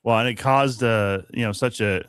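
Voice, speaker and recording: A man's voice: lowish voice, moderate pace, a bit bright, smooth, dry recording. Profane ranting man, dry close sound. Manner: profane, ranting, laughs often. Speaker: podcast co-host. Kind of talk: casual sports chat.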